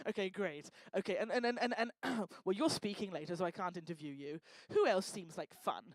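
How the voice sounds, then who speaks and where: On a lecture hall stage, a woman hosts a live event, doing stand-up style crowd work as she teases and jokes with the audience. Her mid-range voice moves briskly with hardly any pauses, and the recording has no echo.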